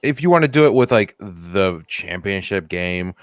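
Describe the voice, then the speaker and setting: A man's voice: low-pitched, lively intonation, normal speed, dry recording, clean studio sound. A man co-hosting a comedy podcast, chatting casually and sarcastically, with jokey mock-formal reading and swearing. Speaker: podcast co-host.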